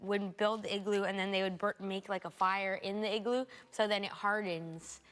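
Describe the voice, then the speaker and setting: A woman's voice: medium pitch, fairly even intonation, moderate pace, a bit bright. Chatty woman from Alaska, full of "like". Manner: chatty, lots of "like" fillers, giggly. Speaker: guest. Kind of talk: casual chat. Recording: reverberant studio hall.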